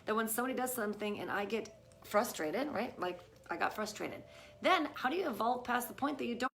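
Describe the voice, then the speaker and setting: Creaky yet fairly bright, this middle-aged woman's voice runs high, expressive, and a little fast, with slight background noise. Live streaming from home by phone or camera with her dog close by, she chats to viewers, leaning on fillers such as "you guys" and "right?".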